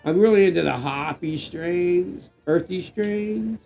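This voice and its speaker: A middle-aged man who is getting drunk, chatting loosely on a livestream, rambling, swearing and breaking into excited shouts. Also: sits high, slow, creaky, muffled recording, soft background music. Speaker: live stream co-host. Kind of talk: casual livestream chat.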